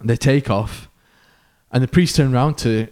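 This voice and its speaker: A man hosting a podcast, spinning a tale in a casual chatty way. His voice sits at an ordinary middle pitch, and his animated telling leans into the tension as the story builds. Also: unhurried. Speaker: podcast host.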